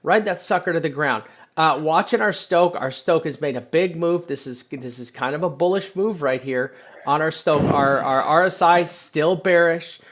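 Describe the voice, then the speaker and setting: A man walking through crypto price charts in casual talk, full of fillers and a repeated "right?", slowing down to stress his warnings. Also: on the high side, a bit bright, slight background noise. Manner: talks fast and loose with many fillers, repeated "right?".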